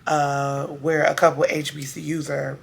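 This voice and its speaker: A hoarse woman recapping a TV episode for her viewers in a sassy, casual, chatty way. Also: sits low, level tone, moderate pace. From Chicago area. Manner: sassy, talks straight to her audience with slang. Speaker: TV show review vlogger.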